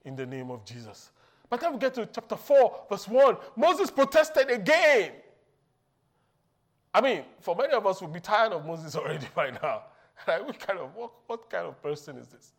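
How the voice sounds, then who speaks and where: Male preacher, high and lively voice, acts out quotes, laughs often. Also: normal speed. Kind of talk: sermon.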